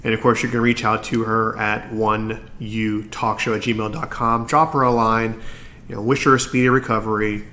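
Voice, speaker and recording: A man's voice: fairly low pitch, little pitch movement, moderate pace, pushed and bright, slight background noise. A man hosting his own podcast, talking earnestly and encouragingly, sometimes tripping over his words. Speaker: podcast host. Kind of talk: solo podcast talk.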